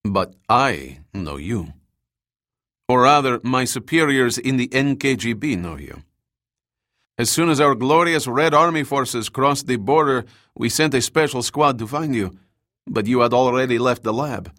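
A man's voice: mid-range voice, expressive, measured pace, fairly bright tone, no room sound, clean studio sound. A man reading the lines of a Soviet agent who speaks with mocking, genial politeness. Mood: genial menace.

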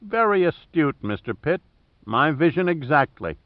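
A man voicing a wry adventurer who banters in a mock-formal, teasing tone, his voice pitched a little higher and swinging up on the jokes. The recording is dry and slightly dull, as if read close to the mic in a treated booth. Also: sing-song, a little slow, dry recording. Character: wry sharp-eyed male adventurer, playful.

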